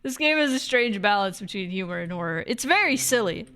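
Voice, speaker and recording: A woman's voice: medium pitch, animated, a little fast, clean tone. A woman streaming a game, joking around and reading its dialogue aloud. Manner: playful, jokey, reacts loudly. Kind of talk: let's play commentary, reading dialogue aloud.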